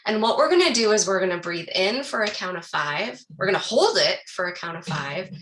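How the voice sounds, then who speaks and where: Upbeat woman coach with a bright, forward tone, rallying her workshop audience, then easing into soft breathing guidance. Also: mid-range voice, slight background noise. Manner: upbeat and encouraging, addresses the audience directly; slows into soft calm guidance during breathing exercise. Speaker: wellness coach leading a workshop. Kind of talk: live online workshop talk with guided breathing.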